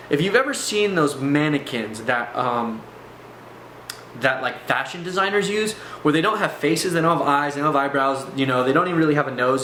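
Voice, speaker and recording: Slightly high-voiced man recounting a personal experience, animated and rambling, roomy echo, faint noise behind. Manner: animated, filler-heavy storytelling. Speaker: vlogger. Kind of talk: personal testimony storytelling. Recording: echoey room, faint background noise.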